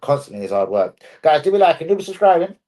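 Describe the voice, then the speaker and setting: A man's voice: a little high, sing-song, quick pace, warm tone. A man hosting a live football stream, chatting casually, bluntly and with a lot of swearing.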